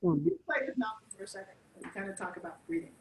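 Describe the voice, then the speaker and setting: A woman's voice: mid-range voice, very fast, recorded from a distance, a little hiss or hum. A woman with a New York accent, leading a live workshop and guiding students through exercises. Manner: animated, coaxing instructor directing students. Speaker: on-camera presence coach. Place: classroom. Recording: echoey classroom from afar.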